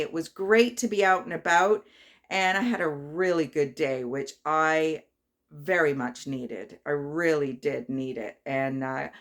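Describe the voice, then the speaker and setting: A woman's voice: low-pitched, a bit bright. A woman in her fifties, talking casually to her vlog viewers. She tells a personal story with feeling and many fillers. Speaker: vlogger.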